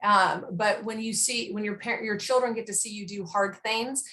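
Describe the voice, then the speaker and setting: A woman's voice: medium pitch, moderate pace. A middle-aged woman in casual conversation, telling stories about raising her children and acting out the lines of the people in them. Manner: animated storyteller who acts out quotes. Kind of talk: casual chat.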